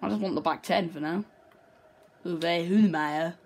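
A woman chatting through her own football video game match, talking tactics under her breath and bursting into shouts at near misses and goals. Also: lowish voice, normal speed. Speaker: gaming video creator.

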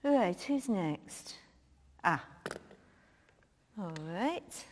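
A woman's voice: mid-range voice, lively intonation, extremely slow. A woman playing a brash, cheeky middle-aged female cabinet minister, who chats bluntly on the phone and swears freely in a comic sketch. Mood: breezy. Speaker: comedian. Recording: long hall reverb.

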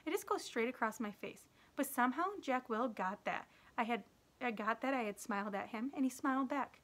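A woman teacher reading a children's novel aloud in a steady, gentle narrating voice. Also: on the high side, a little fast. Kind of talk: read-aloud storytelling.

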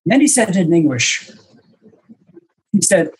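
Older man, senior disciple, husky and slightly high, hesitant storyteller on a video call. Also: very animated, moderate pace, rough recording. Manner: reflective, self-deprecating, hesitant with fillers. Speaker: senior disciple telling stories. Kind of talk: storytelling to a small online group.

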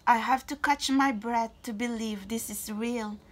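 A gushing, excitable woman reads tarot cards for her viewers, her slightly high voice darting between squeals and hushed asides. She keeps repeating herself and calling everyone guys, with a faint hiss of room noise behind her. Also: unhurried, hardly any pauses. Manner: gushing and excitable, often breaking into squeals and whispers. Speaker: tarot card reader. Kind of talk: casual tarot reading to camera.

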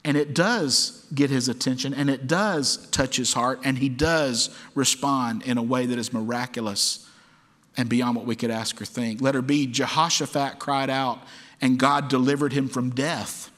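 A man's voice: mid-range voice, fairly even intonation, moderate pace, fairly bright tone. A man preaching a sermon as pastor, acting out quoted cries with dramatic force. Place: church sanctuary. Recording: long church hall reverb.

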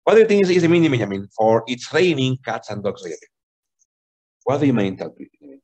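Brief: husky-voiced man, English teacher on a video call, lively pitch, patient and repetitive. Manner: explains slowly, repeats "okay?" and switches into Spanish. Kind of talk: online language lesson.

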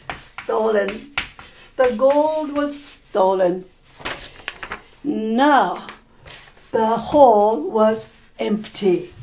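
A woman teacher tells a story at a very slow, deliberate pace. She stops often to explain and repeat words in a mellow, slightly high voice, and faint noise hums underneath. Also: animated. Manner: explains words, repeats them, asks "Okay?". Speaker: language teacher. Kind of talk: story-listening lesson, retelling a story.

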